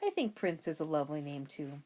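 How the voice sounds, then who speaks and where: A woman reading as a calm, firm mother. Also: deep voice, fairly quick. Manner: gentle but firm.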